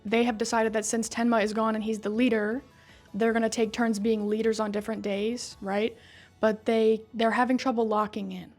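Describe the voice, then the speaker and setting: Chatty, foul-mouthed woman with a higher voice. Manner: chatty and profane, full of "like" and "right?". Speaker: video creator recapping a game story. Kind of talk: casual story recap.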